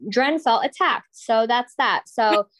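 A woman's voice: on the high side, slow, fairly bright tone. A woman co-hosting a podcast in casual chat, blunt and laughing, swearing freely. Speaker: podcast co-host.

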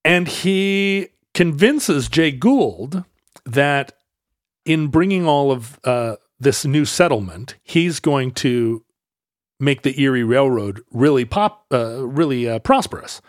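A man in a casual podcast chat, spinning a long history story at a middle pitch. He backtracks and corrects himself often. The recording is close and dry, with no room sound. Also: lively intonation, takes it slowly, no echo. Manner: rambling, self-correcting, laughs easily, tries funny voices.

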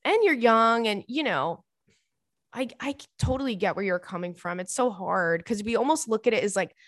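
A woman's voice: mid-range voice, expressive, moderate pace, no echo, clean studio sound. A young woman hosting a podcast, giving listeners frank, casual advice and swearing freely. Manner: blunt, candid, swears freely. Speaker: podcast host.

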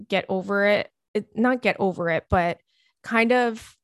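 A woman hosting an advice podcast, reading listener mail aloud with playful, slangy commentary. Her voice sits in a middle pitch, and the recording is dry and close with no room sound. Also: measured pace, dry recording. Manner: animated, playful, chatty slang. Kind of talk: reading and reacting to listener email.

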